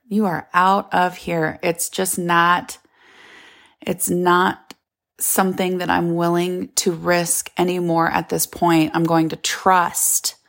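A woman's voice: on the low side, gravelly. A middle-aged woman hosting a podcast, telling her own dating story in a candid, confessional way. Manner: candid, confessional, yawning at times. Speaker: podcast host. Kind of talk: personal storytelling monologue.

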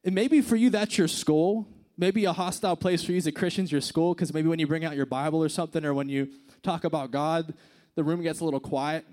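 A man preaching a casual, conversational sermon, dropping to hushed tones and rising to emphatic points. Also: a little high, steady tone, a little fast.

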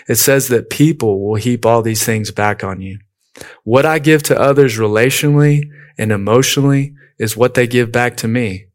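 A man delivering a sermon in an easygoing, conversational manner. He mixes scripture points with personal anecdotes and frequently drops in "you know". His voice sits at an ordinary middle pitch for a man. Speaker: preacher.

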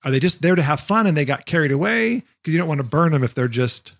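A man's voice: on the high side, expressive, fast, gravelly, fairly bright tone. A man co-hosting a podcast, telling a long story in casual chat and acting out the quotes as he goes. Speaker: podcast co-host, former Jungle Cruise skipper.

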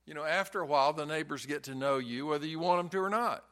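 A male pastor preaching a sermon slowly and with emphasis, repeating key phrases. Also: fairly high pitch, fairly bright tone.

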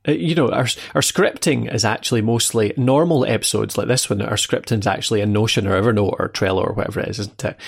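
A man's voice: lowish voice, fast talker, creaky, hardly any pauses, husky. A Scottish man in his thirties co-hosting a podcast, chatting casually and often checking in with tag questions. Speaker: podcast co-host. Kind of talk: casual chat.

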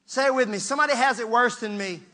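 Talking fast in a very high voice, a pastor gives an energetic sermon. He shifts from gentle asides to shouting, kids around with the congregation, and sounds a little strained in the throat.

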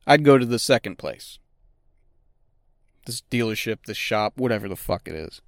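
Foul-mouthed man with a smooth voice. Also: mid-range voice, no echo, clean studio sound. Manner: profane, blunt, swears constantly. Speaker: podcast host; auto technician. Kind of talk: casual podcast monologue.

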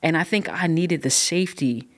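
A woman's voice: low-pitched, normal speed. A woman guest on a podcast, talking with passion and emphasis as she shares her faith story. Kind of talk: casual podcast conversation.

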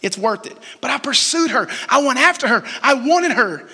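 Pastor, 40s, man, bright and forceful tone, casual sermon that quizzes the congregation. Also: very high voice, expressive, moderate pace, slightly rough. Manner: conversational, asks the crowd questions and jokes. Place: church sanctuary. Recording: long hall reverb.

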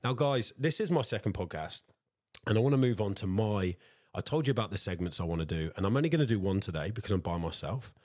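A very low-pitched man chatting away on his own podcast, talkative and casual, often calling his listeners guys. His voice is close and dry, with no room sound around it. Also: animated, fast talker, a little mellow, dry recording. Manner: talkative, addresses listeners as guys, repeats himself. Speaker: podcast host. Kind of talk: solo motivational podcast chat.

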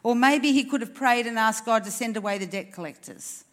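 A woman's voice: a little high, a little fast, a bit bright. A woman preacher giving an earnest, encouraging sermon at a church service, asking the congregation questions.

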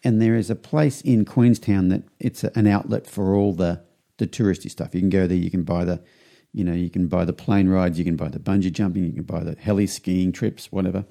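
A middle-aged man hosting a podcast, telling a rambling anecdote and acting out what people said in a higher voice. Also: fairly even intonation, fairly quick, creaky, warm tone. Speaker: podcast host. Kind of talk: casual storytelling.

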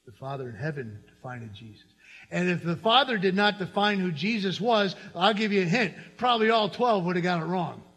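A man pastor preaching a sermon in an animated, conversational way, with lots of repetition, in a church. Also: high voice, fairly quick. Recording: echoey hall reverb.

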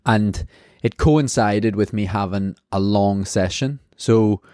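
Low, dark-voiced Australian man, candid. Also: slow pace, no echo, clean studio sound. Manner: candid, rambling, swears freely. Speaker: podcast host. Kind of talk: casual race debrief.

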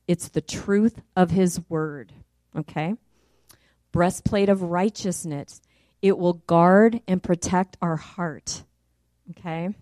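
A middle-aged woman delivers a sermon and shares a testimony, starting off conversational before her voice climbs loud and high at the story's peak. The recording is dry and clean, with studio sound.

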